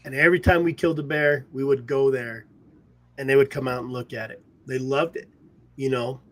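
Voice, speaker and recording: A man's voice: mid-range voice, fairly even intonation, brisk, a bit bright. A man casually telling an anecdote in a podcast conversation. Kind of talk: casual chat.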